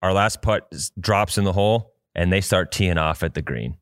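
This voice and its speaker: A man's voice: low-pitched, moderate pace, fairly bright tone, no room sound, studio quality. A man co-hosting a podcast, telling a long rambling story in casual chat and swearing freely. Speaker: podcast co-host.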